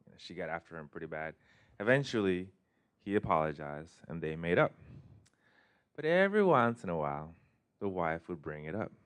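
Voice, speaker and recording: Male life coach, lowish voice, casual joking delivery to a workshop crowd. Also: clear, resonant tone. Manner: joking, conversational, loose phrasing. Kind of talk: motivational talk to a live group. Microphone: handheld or stand mic.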